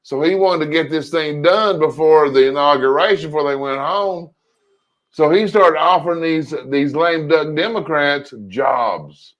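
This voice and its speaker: A man co-hosting a casual political chat, telling long rambling stories with animated asides. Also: a little high, measured pace, highs cut off. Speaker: co-host.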